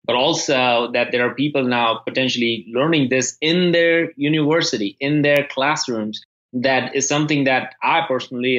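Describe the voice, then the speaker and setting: A man talking through his experiences as an author in a casual conversation, stopping and repeating words as he goes and growing animated in his stories. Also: mid-range voice, muffled recording. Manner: halting, repeats words when restarting, animated when telling stories. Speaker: podcast guest and author.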